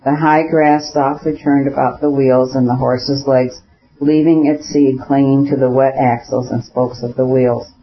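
An audiobook narrator reads a classic novel aloud as scripted narration, keeping his medium-pitched delivery steady and measured. The recording sounds dull and lo-fi.

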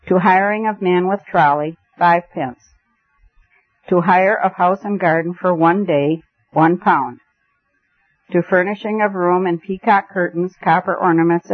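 Man narrating a story over a tinny line. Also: high voice. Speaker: audiobook narrator. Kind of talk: scripted narration. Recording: tinny phone-like band, dry.

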